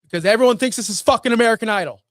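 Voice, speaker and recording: Blunt, high-voiced man ranting. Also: rapid-fire, a bit bright, dry recording, studio quality. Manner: blunt, profane, exasperated. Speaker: wrestling show host. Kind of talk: casual rant commentary.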